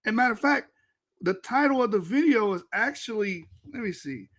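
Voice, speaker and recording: Bright, high-voiced mocking commentator man. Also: lively intonation, moderate pace. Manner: mocking, laughing, profane. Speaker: reaction commentator. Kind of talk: casual reaction commentary.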